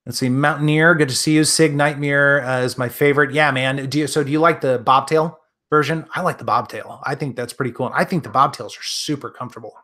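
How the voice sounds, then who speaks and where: A man's voice: medium pitch, fairly even intonation, a little fast, few pauses, pushed and bright. Rambling Midwestern man hosting live chat. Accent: Midwestern American. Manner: friendly, rambling, many fillers and restarts. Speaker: gun channel host answering live chat. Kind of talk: casual live-stream chat.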